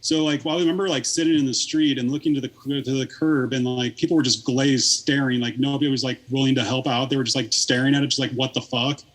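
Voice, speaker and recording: Fast-talking, swearing man telling a story. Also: mid-range voice, fairly even intonation. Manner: rambling, swears often, many fillers. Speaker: podcast guest. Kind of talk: casual storytelling, profane.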